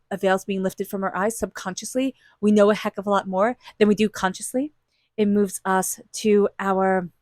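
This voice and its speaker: A woman's voice: mid-range voice, no room sound, studio quality. Earnest woman giving a tarot reading. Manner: earnest, repetitive, emphatic spiritual encouragement. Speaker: tarot reader.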